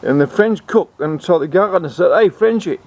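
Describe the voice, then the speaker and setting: A man's voice: fairly high pitch, brisk, a little mellow. A man telling a comic tall tale in a rambling way, often repeating words. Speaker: storyteller. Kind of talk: comic storytelling.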